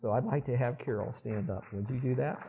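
A man's voice: mid-range voice, fairly quick, vocal fry, heavy background noise. Man in his sixties preaching a sermon. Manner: conversational, quizzes the congregation. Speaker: pastor. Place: church service. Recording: dull lo-fi sermon recording.

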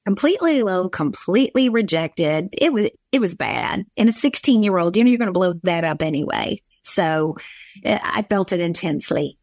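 A woman's voice: lowish voice, expressive, moderate pace, darkish tone, no room sound. Earnest Southern woman with a dry close mic. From Georgia, US. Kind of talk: personal storytelling in a Christian talk show.

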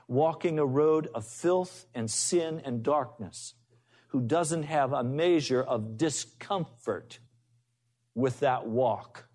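A man's voice: fairly high pitch, a little mellow. A man preaching a sermon as a pastor, telling folksy stories to make his point.

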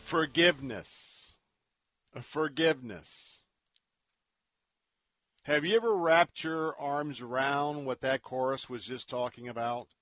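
A man's voice: medium pitch, slow, pauses often, dry recording, faint music behind. Male radio host with a mid-range voice, earnest and preacherly, recorded dry and close. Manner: earnest, preacherly, drops to a hush for stories. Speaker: radio talk show host. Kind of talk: Christian radio devotional talk.

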